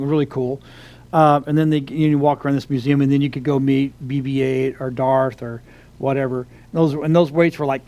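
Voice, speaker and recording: A man's voice: mid-range voice, darkish tone. A middle-aged man co-hosting a casual chat show, telling a long story with many restarts and fillers. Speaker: podcast co-host.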